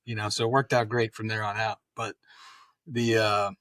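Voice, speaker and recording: A podcast guest, a middle-aged former Green Beret officer, spins stories in a casual interview, acting out the dialogue in animated fashion. His voice is on the low side at a normal speed, with no echo in the recording.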